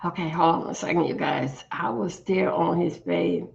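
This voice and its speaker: A woman's voice: lowish voice, normal speed, creaky, darkish tone, muffled recording. A woman hosting a livestream, giving blunt, profane ranting commentary and often stumbling over repeated words. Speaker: livestream host.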